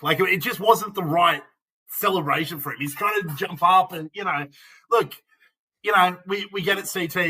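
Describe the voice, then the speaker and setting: A man's voice: on the high side, sharp tone, slight background noise, low-quality recording. An Australian man co-hosting a casual sports chat, chatty and laughing often. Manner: chatty, laughs often, lots of fillers like "look" and "mate". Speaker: podcast co-host.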